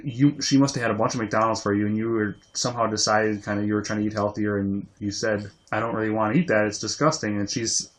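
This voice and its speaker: A man's voice: fairly low pitch, fairly even intonation, quick pace, hardly any pauses. A man co-hosting a podcast, laid-back, mostly agreeing briefly and sometimes rambling through a recollection. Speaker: podcast co-host. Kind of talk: casual chat.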